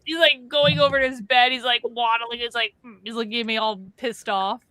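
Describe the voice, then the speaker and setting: Fast-talking bright woman host. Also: fairly high pitch, steady tone, no room sound. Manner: chatty, swears freely. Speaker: podcast host. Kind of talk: casual chat.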